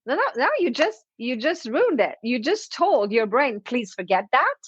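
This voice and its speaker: A woman guest on a podcast interview, explaining with animated everyday scenes and frequent laughter. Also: high voice, moderate pace, breathy edge, no room sound, dull audio. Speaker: confidence expert guest.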